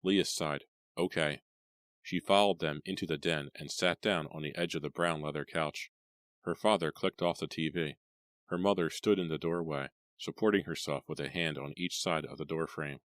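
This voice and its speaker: A man narrating a horror audiobook in a steady, dramatic storytelling manner. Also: rumbling low, normal speed, no room sound. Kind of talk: scripted narration of a horror novel.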